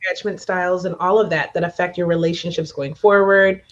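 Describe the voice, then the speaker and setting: Woman, podcast host, lowish voice, empathetic, reflective, muffled lo-fi audio. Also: steady tone, brisk. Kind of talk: conversational interview.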